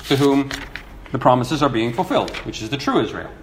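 A male preacher teaching from scripture, his pitch swinging lively as he tells the story and acts out the voices. The room is echoey, with a faint hum of ambience behind him. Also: brisk. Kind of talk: sermon teaching.

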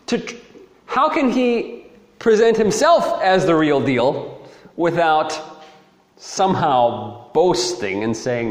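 A man giving a casual, animated Bible teaching sermon, talking in a conversational way and repeating key phrases for emphasis. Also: a little high, slow pace. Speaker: preacher teaching through a Bible letter. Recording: echoey hall with long reverb.

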